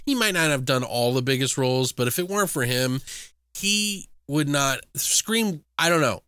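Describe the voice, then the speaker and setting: Man podcast co-host, ranting and swearing, bright tense voice. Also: mid-range voice, moderate pace, smooth, no echo, clean studio sound. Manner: animated, profane, ranting. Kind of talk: casual chat.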